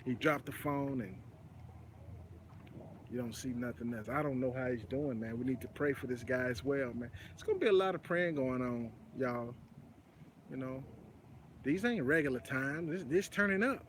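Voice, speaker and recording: A man's voice: mid-range voice, normal speed, slight background noise. Texas man casually recapping street news. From Dallas-Fort Worth area, Texas. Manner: conversational storytelling, preachy asides, frequent "you know what I'm saying". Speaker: host of a commentary channel. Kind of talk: casual live news commentary.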